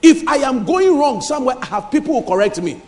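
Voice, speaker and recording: A man preaching an emphatic sermon in a church, repeating lines and rising to shouts. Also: very high-pitched, big pitch swings, a little fast, soft background music. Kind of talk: lively sermon. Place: church hall. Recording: reverberant church hall.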